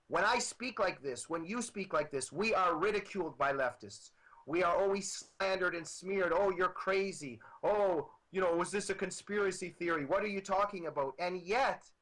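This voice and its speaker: A man speaks emphatically in a political interview, his voice bright and forceful and pitched a little high. He stacks up repeated phrases and drives toward passionate declarations. He comes through a computer microphone on an internet call. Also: low-quality recording. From Soviet Union. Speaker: author.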